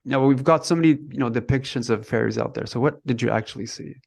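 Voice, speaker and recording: A man's voice: medium pitch, fast, gravelly, a little mellow. A man hosting an interview, asking curious questions. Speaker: interview host.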